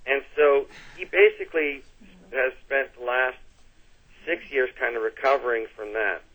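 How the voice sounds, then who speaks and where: At a measured pace, this mid-range, slightly bright voice belongs to a middle-aged Canadian man spinning stories as a guest in a relaxed interview. Easy laughter, fillers and frequent restarts mark his chatty style, though the recording is low quality.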